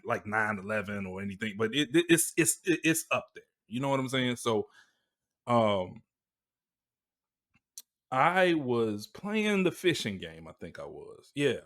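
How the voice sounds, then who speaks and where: A man's voice: medium pitch, a bit bright. A man co-hosting a podcast, telling a laid-back story. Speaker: podcast co-host. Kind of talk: casual chat.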